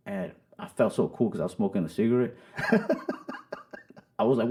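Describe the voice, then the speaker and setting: A man's voice: on the low side, lively intonation, fast, dark tone. A young man, a comedian guest on a podcast, telling stories in loose casual talk full of "like" and swearing. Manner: loose, profane storytelling with many "like" fillers. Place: podcast studio. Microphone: studio microphone.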